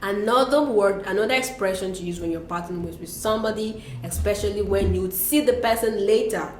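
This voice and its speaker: A woman's voice: mid-range voice, roomy sound, over music. Patient woman teaching French greetings. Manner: patient, explains slowly with repeated examples. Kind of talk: conversational language lesson.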